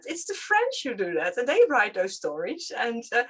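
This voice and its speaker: A woman historian whose first language is Dutch, talking casually on a panel and often pausing with fillers to search for words. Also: on the high side, huge pitch swings, a bit bright, slightly rough. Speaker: historian guest.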